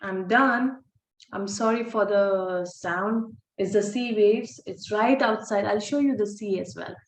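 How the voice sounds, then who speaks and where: Slow-talking woman teaching phonics. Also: medium pitch, reverberant, slight background noise. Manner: drawn-out sounding of words, apologetic asides. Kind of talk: recorded online phonics lesson. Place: holiday home by the sea, waves audible.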